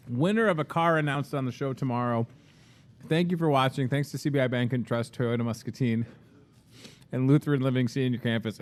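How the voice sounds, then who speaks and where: Chatty man hosting a live local show. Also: medium pitch. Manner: chatty and upbeat, with asides to the crew. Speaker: host of a local morning show. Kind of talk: casual live show chat. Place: grocery store. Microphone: handheld microphone.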